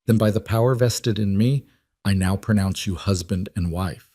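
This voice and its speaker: A man voicing a frontier reverend who recites wedding vows in a formal, measured way. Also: on the low side, warm tone, dry recording, clean studio sound, lightly acted. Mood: solemn. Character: solemn male frontier reverend officiating.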